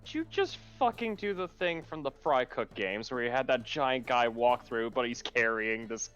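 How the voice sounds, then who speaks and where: Brief: male player, animated and incredulous, faint music behind. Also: mid-range voice, normal speed, clean tone, lo-fi sound. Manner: incredulous, swearing. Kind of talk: casual chat.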